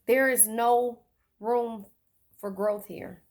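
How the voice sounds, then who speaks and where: A woman's voice: on the high side, fairly even intonation, slow. A woman giving a casual tarot reading, chatty and swearing, often repeating her phrases. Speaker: tarot reader.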